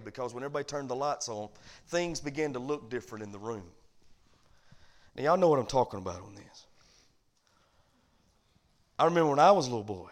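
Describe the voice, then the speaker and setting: A man pastor preaching a sermon, animated and calling for amens. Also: mid-range voice. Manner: animated preaching, calls for amen.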